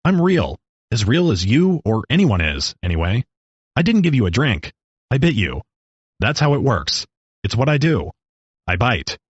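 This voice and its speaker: A man voicing a wry old male talking rattlesnake in a storybook reading, calm and explaining with dry jokes. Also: mid-range voice, normal speed, husky, no echo, muffled recording.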